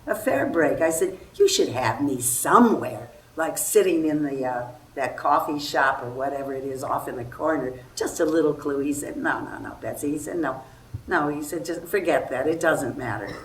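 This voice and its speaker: A low-voiced older woman tells stories before an audience, acting out everyone she quotes. She is picked up from far off in a roomy hall with a faint hiss behind her. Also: normal speed. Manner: animated storytelling, acts out quoted voices. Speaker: guest actress. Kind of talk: anecdotal festival talk.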